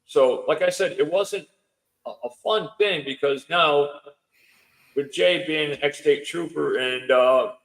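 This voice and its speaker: On a low-quality recording, a gravelly man with a voice on the high side talks a little slowly. He's a podcast guest and house owner retelling a long story casually, full of quoted dialogue, rambling with frequent restarts and fillers.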